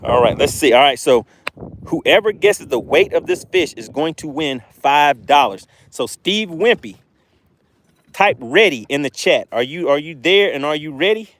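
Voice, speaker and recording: A man's voice: a little high, lively intonation, normal speed, fairly bright tone. A man with a Southern accent hosting a fishing livestream, chatting upbeat with viewers and reading out their comments. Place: outdoors fishing.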